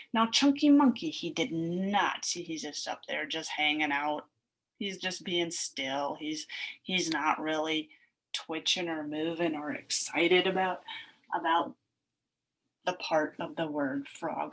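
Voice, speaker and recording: A woman teacher giving a recorded phonics lesson for young children, slowly sounding out word chunks in a sing-song way. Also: on the low side, fairly bright tone. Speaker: elementary school teacher.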